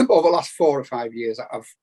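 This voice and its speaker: A man's voice: medium pitch, normal speed, a little mellow. A man with a Bradford Yorkshire accent, sharing his experience in an earnest, rambling, reflective way on a video call. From England. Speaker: meeting participant. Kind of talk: casual sharing.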